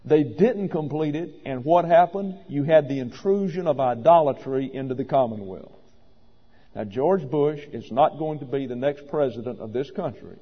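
The man preaching has a fairly high, husky voice and keeps a moderate pace. A pastor by role, he is emphatic and wry, occasionally pausing to correct himself, captured in a lo-fi recording with hall reverberation.

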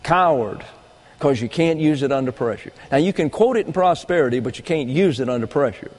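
A man's voice: medium pitch, animated, quick pace, a little mellow. A man preaching a doctrinal sermon, teaching emphatically and repeating key points with folksy trail imagery. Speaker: pastor. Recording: long hall reverb.

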